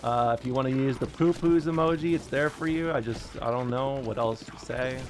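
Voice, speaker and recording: A man streaming live, chatting casually and wryly with his viewers, quick to joke and to deny things. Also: medium pitch, a little hiss or hum.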